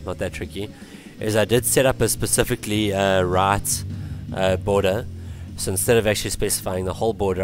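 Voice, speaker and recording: Guy with a deep flat voice doing a coding tutorial, sick and losing his voice, lots of ums. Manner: halting, many ums and restarts. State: voice going from illness. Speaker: tutorial presenter. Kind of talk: screen-recorded coding tutorial.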